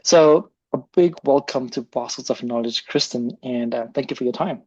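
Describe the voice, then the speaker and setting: A man's voice: medium pitch, normal speed, a little mellow, husky, no echo, dull audio. A man hosting a podcast, chatty and rambling with frequent restarts. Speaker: podcast host. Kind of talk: casual podcast interview.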